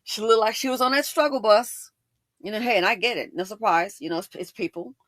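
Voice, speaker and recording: A woman's voice: mid-range voice, a little fast, fairly bright tone, no room sound. A woman host telling a storytime in casual, emphatic commentary, often repeating lines for effect.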